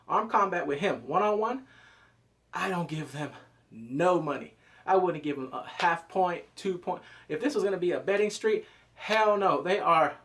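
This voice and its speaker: A man reviewing a TV episode in excited casual commentary, cursing freely, breaking into loud exclamations and quick character impressions. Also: sits high. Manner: animated, profane, jumps into loud exclamations; mimics characters in quick asides.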